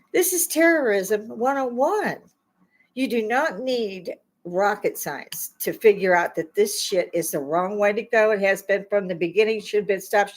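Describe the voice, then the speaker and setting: This YouTube commentator, an older woman who styles herself a grandma, scolds her audience bluntly in an angry political rant, getting more indignant as she goes. Her voice is medium-pitched and the recording is low quality.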